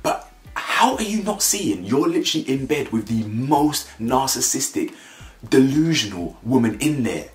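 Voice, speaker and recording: In a sing-song voice at normal speed, a man rants with blunt mockery about a reality show and mimics its cast members in high voices. The recording has an echoey room sound.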